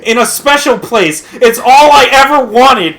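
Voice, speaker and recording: A man's voice: extremely high pitch, animated, measured pace, a bit bright, voice pushed up, exaggerated voice, poor audio. A man putting on a mocking, sing-song voice for a clingy young anime heroine.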